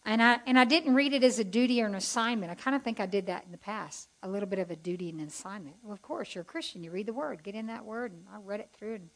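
A woman's voice: mid-range voice, fast, few pauses, rough recording. A woman giving a chatty, heartfelt testimony as a Bible teacher to a group. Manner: folksy, chatty and heartfelt, with asides to the audience.

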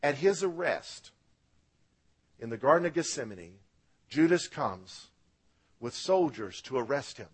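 A man preaching a sermon as pastor, swinging between loud emphatic lines and quiet low drops, asking the congregation to repeat words after him. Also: expressive, unhurried, long pauses, breathy edge. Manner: emphatic preaching, rising and dropping for effect.

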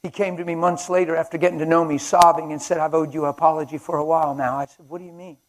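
A man preaching at a conference, telling a personal story with passion and swinging between loud and hushed delivery. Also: a little high, level tone, fast, a little hiss or hum, low-quality recording. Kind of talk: sermon with storytelling. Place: conference hall.

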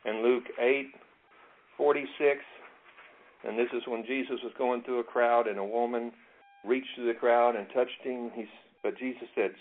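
A man leading a Bible study in a relaxed, self-deprecating way, reading scripture aloud and drawing out key words. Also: mid-range voice, measured pace. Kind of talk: casual teaching with scripture reading. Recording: tinny phone-like audio.

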